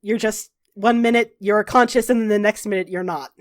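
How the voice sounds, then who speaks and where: A woman narrating a tabletop game as game master, swearing casually and slowing down for drama. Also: medium pitch, fairly even intonation. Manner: laughs while narrating, drawn-out dramatic pacing.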